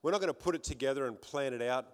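A man's voice: medium pitch, rapid-fire. A man preaching a sermon to a congregation in a church hall, fervent, often repeating words as he builds up. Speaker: pastor.

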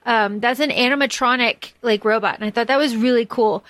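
A woman hosting a podcast, talking casually in an animated, profane way, with lots of fillers and restarts. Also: on the high side, a little fast, no echo. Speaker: podcast host. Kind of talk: casual chat.

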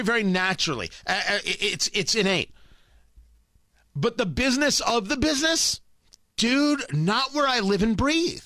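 A man's voice: high voice, pushed and bright, no room sound, studio quality. A man hosting a talk radio show, rambling in a monologue full of stammered restarts and sarcastic asides.

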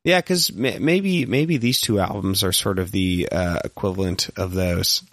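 A man co-hosting a podcast in casual chat, musing aloud and quick to laugh. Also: deep voice, fairly bright tone, no room sound. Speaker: podcast co-host.

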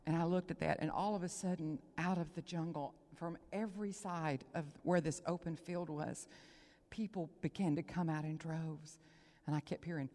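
A woman from Texas, preaching an emotional sermon, moving between loud proclaiming and hushed whispers. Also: fairly low pitch, moderate pace. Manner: emotional, near tears. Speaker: guest preacher. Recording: long hall reverb.

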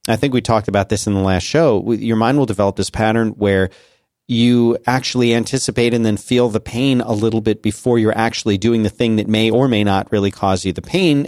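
A man's voice: fairly low pitch, darkish tone, dry recording, studio quality. Rambling man in casual podcast chat. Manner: rambling, many restarts and fillers. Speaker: podcast co-host.

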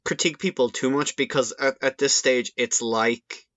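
Wry Irish man, bright dull-toned voice. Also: mid-range voice, fairly even intonation, moderate pace, no room sound. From Ireland. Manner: rambling, wry sarcastic humor. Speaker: podcast guest. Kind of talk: casual chat.

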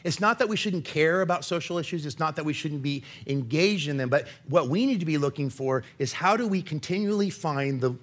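A man giving an impassioned faith talk as a Christian author, earnest and confessional, swinging between urgent and hushed. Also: a little high.

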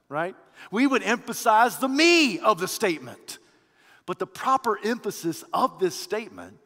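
High bright-voiced male preacher, reverberant hall. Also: big pitch swings, unhurried. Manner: swings between loud rising exhortation and hushed low reflection; addresses listeners as friend, repeats phrases. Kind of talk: sermon.

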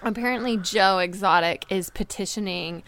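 A woman hosting a casual talk show, chatty and quick to laugh. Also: medium pitch, a bit bright. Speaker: podcast host. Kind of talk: casual chat.

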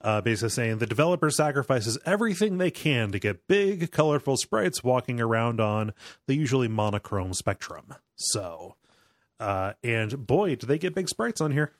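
A man's voice: mid-range voice, big pitch swings, moderate pace, dry recording, studio quality. An American man co-hosting a podcast in casual chat, often restarting his sentences. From United States. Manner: hesitant, stammering restarts. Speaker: podcast co-host.

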